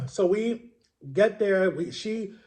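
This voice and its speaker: A young man with a noticeably high voice chats through a long personal story for his vlog. He rambles and circles back, peppering his telling with "like" and "right?" as if talking to friends. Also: animated, drawn-out words, a little mellow, slight background noise. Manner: chatty, rambling retelling full of "like" and "right?". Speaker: vlogger. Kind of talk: casual storytelling to camera.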